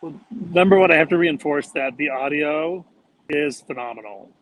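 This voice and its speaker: A man co-hosting as bookstore owner, relaxed and reminiscing in casual chat. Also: a little high, moderate pace, no room sound, rough recording.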